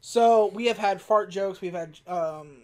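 A woman's voice: mid-range voice, measured pace. Casual woman retelling a movie. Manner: rambling, laughing retelling with acted-out quotes. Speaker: podcast co-host. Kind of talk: casual movie recap chat.

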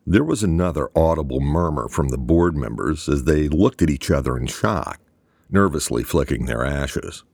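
A man with a strikingly deep, low voice narrating a novel at a measured, even pace. The recording is dry and close, with no room sound. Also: gravelly, slightly rough, no echo. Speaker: audiobook narrator. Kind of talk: scripted narration.

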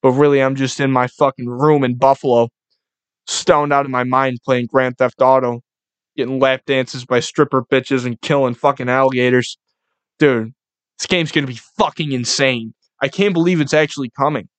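A young man hosting a casual solo podcast, ranting in a profane, excitable, rambling way. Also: mid-range voice, moderate pace, no echo. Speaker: podcast host.

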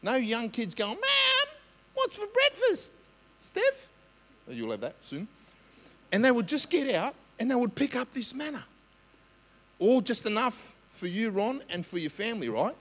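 A man with an Australian accent, a senior pastor telling stories in a lively, conversational sermon, often asking "right?". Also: high voice, moderate pace. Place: church. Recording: long church hall reverb.

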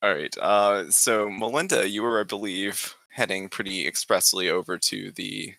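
A man's voice: lowish voice, normal speed, vocal fry, sharp tone, no echo. A man narrating a tabletop game as game master, hesitant with many fillers and frequent laughter.

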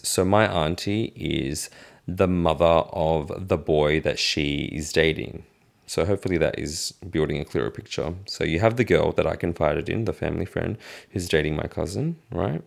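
Young male vlogger, low gravelly voice, candid swearing storyteller. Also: normal speed. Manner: frank and casual, swears freely, restarts sentences. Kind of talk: candid personal storytelling to camera.

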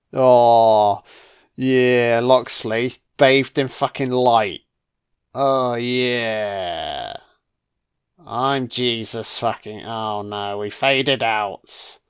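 A man's voice: mid-range voice, extremely slow, clean tone. A man giving profane, sardonic film commentary, full of swearing and mocking asides on a close microphone.

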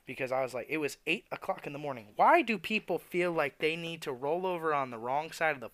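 A man's voice: fairly high pitch, animated, brisk, few pauses, a bit bright, dry recording. Profane, ranting young man, dry close mic. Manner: profane, blunt, exasperated. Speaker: podcast host. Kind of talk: ranting monologue.

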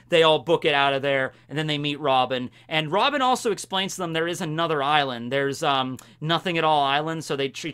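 A young man recaps a story in a casual vlog, talking with animated enthusiasm. His voice is slightly high and has a bright, forward edge. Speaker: anime commentator.

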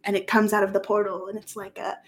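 A woman's voice: medium pitch, flat delivery, quick pace. A woman as game master, narrating a tabletop role-playing game in a playful, descriptive way. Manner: playful, descriptive, laughs often.

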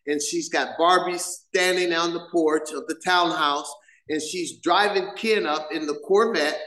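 Middle-aged man telling his story at a meeting, lively and vivid, acts out the scenes, fairly high pitch, echoey room. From Southern California. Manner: animated storyteller, acts out scenes with sound effects. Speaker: main speaker at a recovery meeting. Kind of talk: personal storytelling share.

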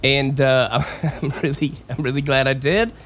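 A young man hosting a podcast, telling a story in casual chat, animated and laughing, acting out the voices of people he quotes. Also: mid-range voice, moderate pace. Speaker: podcast host. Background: fan noise.

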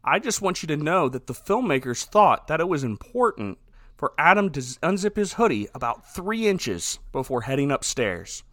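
A man's voice: fairly high pitch, sing-song, moderate pace, a bit bright, no echo, studio quality. A man from Ohio recapping a movie in a comedic podcast chat, sarcastic and laughing often.

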